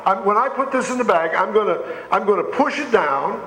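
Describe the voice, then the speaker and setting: A man's voice: high voice, lively intonation, brisk, few pauses, fairly bright tone, echoey room, low-quality recording. A man preaching a sermon as pastor in a church, telling folksy stories and lifting his voice on the scripture passages. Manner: folksy storytelling with rising emphasis on scripture. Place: church sanctuary.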